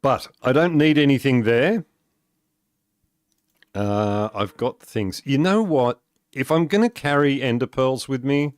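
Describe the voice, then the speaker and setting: Slow, rambling man streaming. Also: medium pitch, no room sound. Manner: rambling, with many fillers and restarts; chuckles often while talking. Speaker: live streamer. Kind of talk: casual gaming live stream chat.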